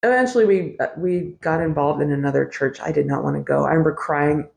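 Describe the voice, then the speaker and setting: A woman's voice: low-pitched, fast, gravelly, a little mellow. A middle-aged woman hosting a podcast, telling a personal story in a candid, wry way, swearing freely and laughing often. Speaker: podcast host.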